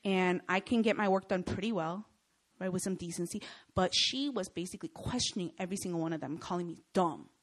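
A woman's voice: on the low side, brisk. A young woman giving a sermon to students, telling stories with lots of energy and often checking in with her listeners. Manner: animated storytelling, often checks in with "Okay?" and "Right?". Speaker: speaker at a Christian student gathering.

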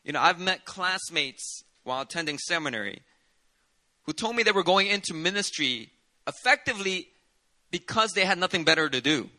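A pastor preaches loosely and conversationally, tossing in colorful, dramatic asides and a Southern "y'all." His voice sits high, animated, pushed and bright, at a moderate pace.

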